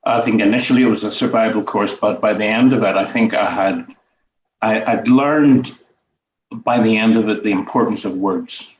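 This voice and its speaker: An older Northern Irish man talks through his memories at an unhurried, meandering pace, full of "you know"s and small chuckles. He sounds far from the mic, in an echoey room, with a muffled, lo-fi quality to the recording. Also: fairly low pitch, slight background noise. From Northern Ireland. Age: 70s. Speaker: guest, former teacher and writer. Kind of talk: reflective conversational interview. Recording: distant, roomy, dull lo-fi sound.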